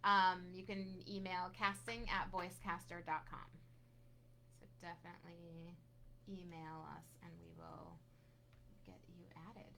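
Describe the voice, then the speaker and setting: Woman, casual live q&a host, upbeat, reads viewer questions, slightly low pitch, bright tone. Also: flat delivery, unhurried, creaky, a little hiss or hum. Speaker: casting director co-host.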